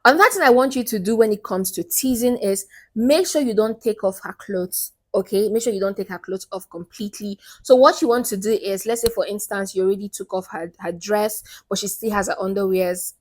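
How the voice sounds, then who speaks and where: Woman vlogger, mid-pitched, casual and direct, dating advice, frequent "okay". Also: fairly quick, few pauses. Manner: chatty and direct, peppers lines with "okay". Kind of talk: casual advice talk to camera.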